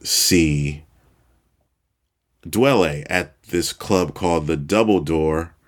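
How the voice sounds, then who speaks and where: A man in his forties tells a story on his podcast in a very deep voice. He talks slowly and keeps it casual, poking fun at himself as he goes. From Chicago, USA. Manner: relaxed, self-deprecating storyteller, chuckles at himself. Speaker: podcast host.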